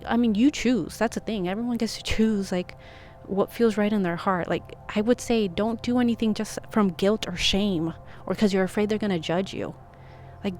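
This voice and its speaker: Earnest woman vlogger giving gentle advice. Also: medium pitch. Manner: earnest and encouraging, many "like" fillers. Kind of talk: casual heartfelt advice monologue.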